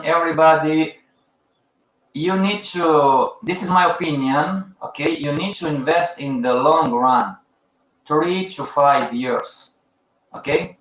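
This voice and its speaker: A man's voice: fairly high pitch, a bit bright, reverberant, rough recording. A man with as a hosting a live teaching session, talking to his audience in short, emphatic, repeated phrases and chiding them. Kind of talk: casual live-stream teaching.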